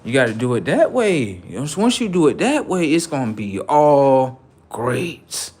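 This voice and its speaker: Young male streamer, casual slangy monologue, big loud spikes and low asides. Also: moderate pace, husky. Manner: animated, swings from loud outbursts to quiet asides; slangy, addresses viewers directly. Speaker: livestream host.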